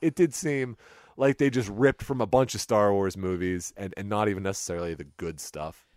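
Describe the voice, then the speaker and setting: A man's voice: fairly low pitch, moderate pace, a little mellow, no room sound, clean studio sound. A man co-hosting a casual movie review chat, wry and rambling, often restarting his sentences. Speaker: podcast co-host reviewing a movie.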